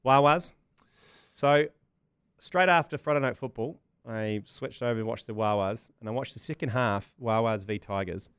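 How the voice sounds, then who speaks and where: Smooth-voiced New podcast host. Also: male voice, mid-range voice, moderate pace, no echo, studio quality. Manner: excitable, laughs often, colorful slang. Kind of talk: casual sports banter.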